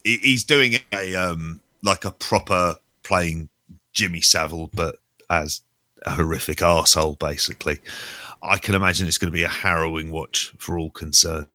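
A man from the UK co-hosting a podcast in casual chat, animated and swearing freely. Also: low voice, normal speed, dry recording. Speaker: podcast co-host.

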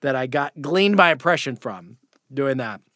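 A man chats on a podcast about doing impressions. He tells stories with animated turns and dips into other voices. The voice sits close and dry, with no room sound. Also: mid-range voice, normal speed, dry recording. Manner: animated storyteller who slips into impressions. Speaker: guest impressionist. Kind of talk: casual podcast chat.

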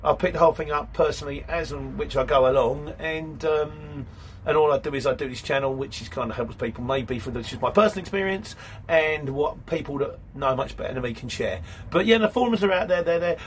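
A man's voice: fairly high pitch, fairly quick, a little hiss or hum. A man hosting his channel, reading viewer comments aloud and answering them in a rambling, matey way. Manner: chatty, rambling, says mate. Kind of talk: casual live-stream chat.

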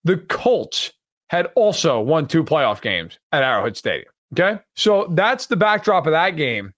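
Animated man telling a sports story. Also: a little high, a little slow, no echo, studio quality. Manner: storytelling, emphatic, swears. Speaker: radio host. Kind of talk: casual sports chat.

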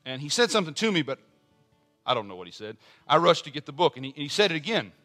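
A middle-aged man preaching a sermon as pastor, earnest, dropping to soft personal asides and rising to strong emphasis. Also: on the high side, very animated, quick pace, faint music behind.

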